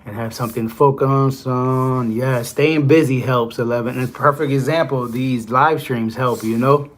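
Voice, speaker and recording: A man's voice: medium pitch, fairly even intonation, normal speed. A man who drives trucks chatting casually on a live stream, rambling with lots of fillers. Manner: rambling, filler-heavy, "you know" constantly.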